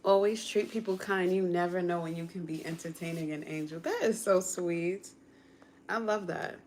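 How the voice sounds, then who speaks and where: A woman chatting casually on a livestream from her kitchen while cooking, coaching viewers step by step through a quick singing lesson in an encouraging way. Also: on the low side, a little mellow, a little hiss or hum. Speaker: content creator and vocal coach.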